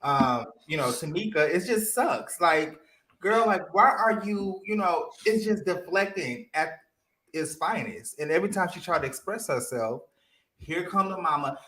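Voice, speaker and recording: A man gives his opinions in a casual chat, his voice sitting slightly high and sounding bright. He swings his pitch widely, emphatic and sassy with preachy outbursts. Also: lively intonation, measured pace, low-quality recording. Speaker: guest commentator.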